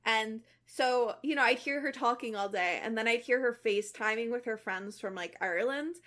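A woman's voice: a little high, normal speed, a bit bright. A young woman from the New York area chatting casually as a podcast co-host, with plenty of fillers. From New York area, USA. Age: young adult. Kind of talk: casual chat.

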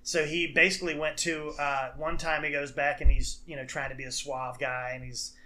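Casual male podcast co-host, bright and a bit high, rambles through plot recaps. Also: flat delivery, normal speed, a little hiss or hum. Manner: rambling, lots of fillers and restarts. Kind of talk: casual chat.

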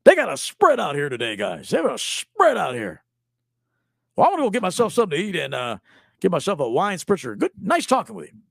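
A man voicing an awkward, chipper upper-crust party guest who stammers through quick small talk. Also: high-pitched, wildly swooping pitch, gravelly, fairly bright tone, dry recording, studio quality, voice pushed up, exaggerated voice. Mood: chipper, flustered.

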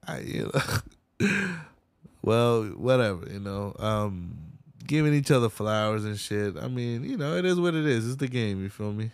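A man's voice: medium pitch, animated, a little slow, clean tone, dry recording. A man hosting a podcast, ranting casually in a rambling, profane way and laughing often. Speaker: podcast host. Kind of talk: casual rant.

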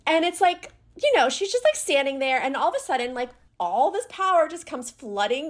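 A woman with a slightly high voice talks through a book's plot in a loose, casual way. She fills her retelling with "like" and slips quickly into the characters' lines. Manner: animated retelling with many "like" fillers. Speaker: podcast co-host. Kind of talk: casual book chat.

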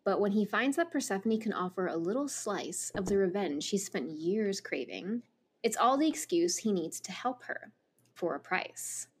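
A woman with a husky, breathy voice co-hosts a podcast. Her pitch moves around a lot as she reads a book blurb with expressive, dramatic delivery. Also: moderate pace. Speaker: podcast co-host. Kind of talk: casual chat and reading a book blurb aloud.

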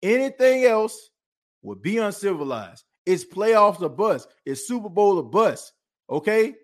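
A podcast host in a fired-up sports talk rant, animated and preachy, calling his listeners folks. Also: sits high, unhurried.

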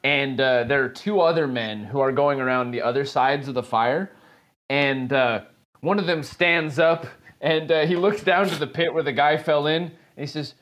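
A man's voice: on the high side, normal speed, a bit bright. A man narrating as game master of a tabletop game, loose and chatty with many fillers and easy laughs. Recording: casual podcast recording.

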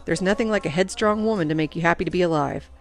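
A woman voicing a kindly older male grandfather in an audiobook, speaking gently and patiently. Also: lowish voice, quick pace, soft background music, lightly acted. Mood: quiet, warm. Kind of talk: audiobook character reading.

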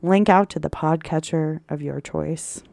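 A woman with a fairly low voice co-hosting a podcast in loose, jokey chat. She often drifts into a playful put-on accent. The sound is dry and close, with no room around it. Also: unhurried, creaky, darkish tone, no room sound. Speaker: podcast co-host. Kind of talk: casual chat.

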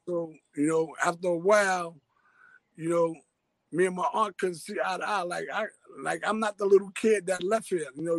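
A man's voice: sits high, no echo, rough recording. A man from Harlem with a New York accent, telling a story in loose street slang as an interviewee. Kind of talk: casual storytelling.

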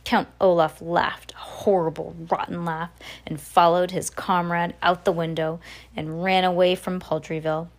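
A woman reading a children's novel aloud in a plain, steady way. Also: fairly low pitch, normal speed. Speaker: audiobook reader. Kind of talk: audiobook narration.

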